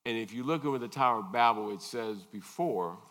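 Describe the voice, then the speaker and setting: A man preaching a sermon, unhurried, pausing often and asking his listeners questions. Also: mid-range voice, a bit bright. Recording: long reverb in a large hall.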